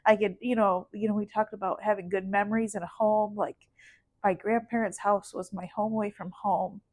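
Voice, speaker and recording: A young woman hosting a podcast, chatting casually and supportively, with quick murmured replies to her guest. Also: mid-range voice, fairly even intonation, a little mellow, no echo. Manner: supportive listener, quick back-channel replies. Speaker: podcast host. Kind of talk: casual conversation.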